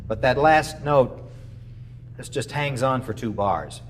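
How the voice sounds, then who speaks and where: A man's voice: medium pitch, lively intonation, slow pace, pauses often, a little hiss or hum. A man giving a masterclass to a concert band, explaining musical phrasing and singing short melodic lines to show it. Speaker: clinician. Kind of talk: masterclass coaching. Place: rehearsal room with a band.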